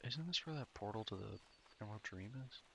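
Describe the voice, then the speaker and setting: A man's voice: on the low side, expressive, fast, creaky, pushed and bright, a little hiss or hum. A tired, sleepy man casually commenting on his gameplay to himself, rambling and swearing. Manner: rambling, profane, self-talking. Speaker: streamer playing an online game.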